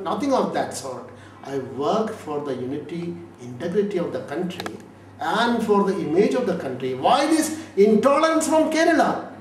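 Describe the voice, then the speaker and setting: Indian lawyer, high voice, emphatic and repetitive, distant mic in a very reverberant room. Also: male voice, darkish tone. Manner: emphatic, repetitive, rhetorical questions. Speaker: lawyer interviewee. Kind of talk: emphatic interview answers. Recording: echoey room from far off, faint noise.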